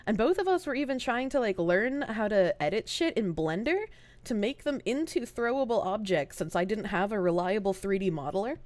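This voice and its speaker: A woman's voice: medium pitch, expressive, moderate pace, a little mellow, dry recording. A woman streaming live in casual, chatty talk with a groggy morning voice. She swears freely and laughs often. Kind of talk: casual livestream chat.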